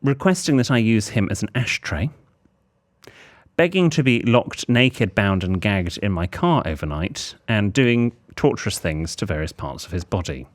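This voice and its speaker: Lively, theatrical male podcast host. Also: fairly low pitch, moderate pace. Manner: theatrical, animated reading with apologetic asides. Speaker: podcast co-host reading a listener letter. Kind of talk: comic podcast chat, reading letters aloud.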